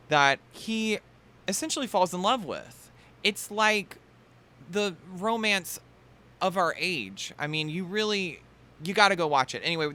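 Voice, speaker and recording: A man's voice: on the high side, pushed and bright. A male podcast host chatting casually and expressively, often laughing. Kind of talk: casual chat.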